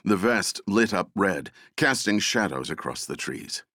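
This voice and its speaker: A man narrating an action novel as an audiobook, dramatic and expressive. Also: sits low, a little slow, dry recording, studio quality. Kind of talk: scripted narration.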